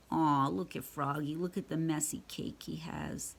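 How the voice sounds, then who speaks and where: A woman's voice: sits low, fairly even intonation, unhurried, gravelly. A woman reading a picture book aloud to children, adding chatty asides and questions for her young listeners. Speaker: read-aloud storyteller.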